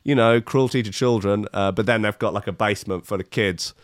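A man's voice: fairly low pitch, fairly quick, no room sound, studio quality. A man hosting a podcast, reading out news stories and riffing on them in a rambling, sarcastic way full of restarts. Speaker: podcast host. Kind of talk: comic news commentary.

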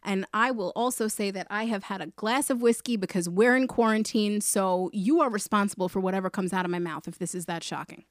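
A woman's voice: medium pitch, fairly quick, few pauses, dry recording. Female podcast co-host, candid and chatty, dry close mic. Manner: frank, laughing reactions and mock protest. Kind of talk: casual podcast chat. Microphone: podcast microphone.

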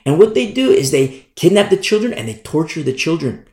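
A man preaching a sermon as pastor, hammering his points by repeating them and swinging between loud and hushed. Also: on the high side, big pitch swings, fairly quick. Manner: emphatic, repetitive preaching with sharp swings in loudness. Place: church room. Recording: roomy echo.

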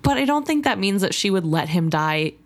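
A woman's voice: mid-range voice, very animated, brisk. A woman co-hosting a podcast, chatting casually about a book with lots of fillers. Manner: chatty, frequent "like" and laughs. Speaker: podcast co-host.

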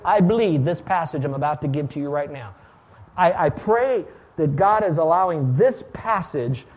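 A pastor preaching a sermon in a church, emphatic, shifting between loud bursts and quiet asides as he leads listeners through a passage. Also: on the high side.

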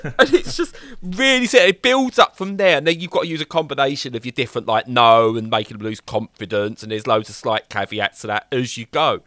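A young man co-hosting a casual chat, rambling and animated as he acts out little voices. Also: mid-range voice, brisk, few pauses, dry recording. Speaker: podcast co-host reviewing games.

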